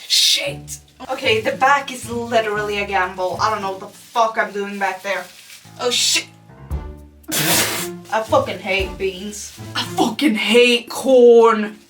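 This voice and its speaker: A woman's voice: mid-range voice, unhurried, pauses often, fairly bright tone. A young woman vlogging casually at home late at night, swearing constantly in a frustrated, self-mocking way. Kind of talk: casual talk to camera. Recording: distant mic with music behind.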